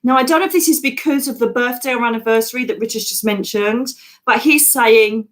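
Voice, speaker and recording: A woman's voice: fairly high pitch, fairly quick, fairly bright tone. A woman hosting a livestream, giving psychic readings in a chatty manner and calling viewers darling. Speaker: psychic medium host. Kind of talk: live psychic reading chat.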